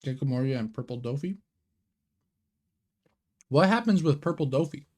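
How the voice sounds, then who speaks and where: A man's voice: medium pitch, lively intonation, normal speed, a little mellow. A young man hosting a live card game watch party, chatting casually in slang and answering viewer questions aloud. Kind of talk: casual live-stream chat.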